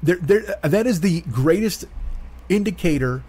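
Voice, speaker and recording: A man in his forties riffs alone in a comedy monologue, his voice sitting a touch higher than most men's. He rambles, swears freely and works himself into exasperated rants. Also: expressive, a little slow, warm tone, slightly rough. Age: 40s. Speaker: comedian host.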